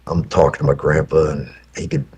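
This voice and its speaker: A man in his fifties tells a long personal story from prison. His voice is extremely deep and heavily husky, and his pace is unhurried. His telling rambles, with fillers and restarts along the way. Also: a little mellow.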